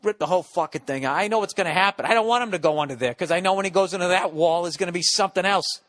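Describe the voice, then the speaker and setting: A middle-aged American man hosting a podcast, delivering a profane, rambling comic monologue with swings between loud rants and muttered asides. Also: high-pitched, very fast. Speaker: podcast host.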